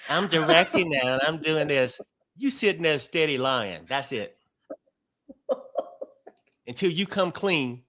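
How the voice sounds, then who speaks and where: An outspoken woman guest on a gossip talk show has a bright, forceful tone. She talks in a sharp, scolding way and comes across as plain-spoken. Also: deep voice, very animated, unhurried, long pauses. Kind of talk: casual gossip chat.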